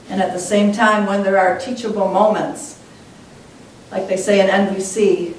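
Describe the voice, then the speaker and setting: A woman minister preaches in an earnest, reflective teaching tone, her voice at mid pitch. She sounds a little away from the microphone, and it catches a great deal of church-hall echo with a faint rumble underneath. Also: far from the mic. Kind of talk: sermon. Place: church sanctuary.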